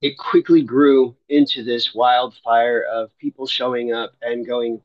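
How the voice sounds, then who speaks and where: A man's voice: medium pitch, normal speed, hardly any pauses, no echo, dull audio. A middle-aged man sharing a personal faith testimony in a loose, rambling storytelling way, often restarting his sentences. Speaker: Christian livestreamer and foster parent.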